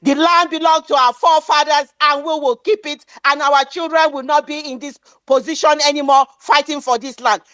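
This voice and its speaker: A woman's voice: sits high, steady tone, normal speed, few pauses, fairly bright tone, no echo. A woman giving an impassioned political speech, defiant and declamatory, repeating lines for emphasis. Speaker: speaker at an online activist meeting.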